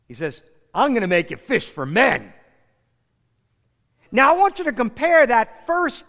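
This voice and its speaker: A man preaches a sermon with a high voice and a lively, sweeping delivery. He acts out the lines he quotes as he goes. The sound carries a long hall reverb. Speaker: pastor.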